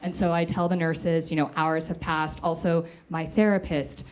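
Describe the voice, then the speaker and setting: A woman's voice: low-pitched, flat delivery, normal speed, darkish tone, clear, resonant tone. A woman comedian telling a personal story in a casual, profane way, acting out the people she quotes.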